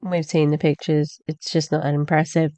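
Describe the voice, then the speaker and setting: Low gravelly woman, sarcastic reaction commentary, dry close sound. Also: little pitch movement, moderate pace, mellow, no echo. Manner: sarcastic, dismissive.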